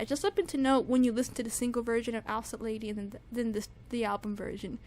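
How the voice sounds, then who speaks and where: Gushing high-voiced woman reviewing music. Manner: gushing fangirl enthusiasm, rambling with many fillers and repeats; shrieks high with excitement at times. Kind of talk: casual solo music review.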